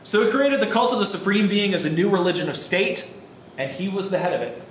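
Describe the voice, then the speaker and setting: A man with a high voice gives a casual, storytelling college lecture. He is recorded from across an echoey classroom, with faint room noise behind him. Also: expressive, fairly quick, far from the mic. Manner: casual, storytelling, swears and laughs with students. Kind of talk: lively classroom lecture with acted-out quotes.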